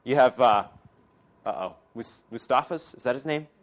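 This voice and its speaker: A man giving a sermon to a class, swinging from loud, emphatic declarations to soft, quiet asides and jokes with his listeners. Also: medium pitch, lively intonation, normal speed. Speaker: preacher and teacher.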